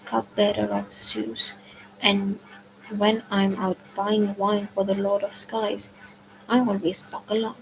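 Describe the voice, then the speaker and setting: A woman's voice: medium pitch, slow pace, noisy background. A woman reading aloud, voicing a cheerful male god in a pre-recorded cab safety message. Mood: chirpy.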